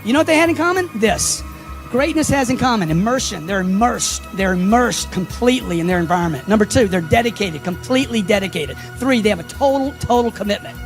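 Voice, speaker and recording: A man's voice: high voice, animated, fairly quick, soft background music. A man giving a punchy motivational speech, firing rhetorical questions at his audience. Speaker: motivational speaker.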